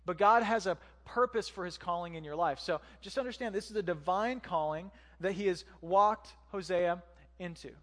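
A man's voice: high voice, moderate pace, fairly bright tone, long reverb tail. A man giving a conversational sermon as pastor, using joking asides and rhetorical questions.

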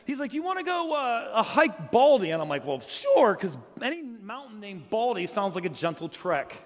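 A middle-aged guest preacher from South Carolina gives a humorous storytelling sermon from a church stage, his voice high for a man. He speaks loosely and jokingly, swinging from loud storytelling to quiet earnestness. A long hall reverb trails his words in the sanctuary.

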